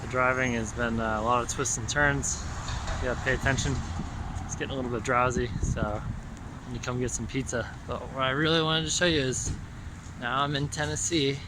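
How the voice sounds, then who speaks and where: A man's voice: medium pitch, steady tone, brisk, noisy background. A man from Florida casually talking through a travel vlog, rambling with fillers. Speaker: vlogger. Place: on the road, car and stops.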